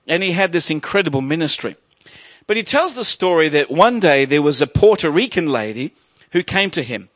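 A male pastor preaches a sermon, his voice swelling loud on key points and dropping low and slow when he tells a story. The recording has no echo.

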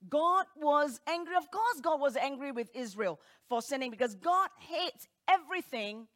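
A woman preaching a sermon, talking emphatically with rhetorical questions and swinging between loud declarations and hushed asides. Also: sits high, lively intonation, normal speed.

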